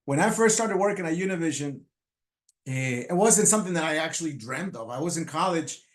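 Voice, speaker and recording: A man in his fifties whose first language is Spanish, giving a motivational speech about his life, halting with many restarts and fillers. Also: fairly high pitch, lively intonation. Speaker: motivational speaker. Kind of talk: personal storytelling speech.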